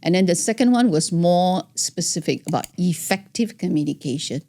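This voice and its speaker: A woman's voice: fairly low pitch, expressive, moderate pace, mellow. A middle-aged woman, a guest on an interview show, chatting casually and animatedly, acting out examples and laughing often. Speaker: guest, founder of a speaking academy.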